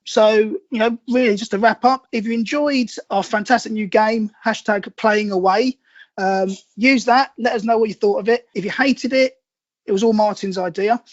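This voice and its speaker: A man's voice: high voice, moderate pace, no echo, lo-fi sound. A man hosting a casual fan podcast, talking loosely with many fillers and easy laughs as he moves the show along. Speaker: podcast host.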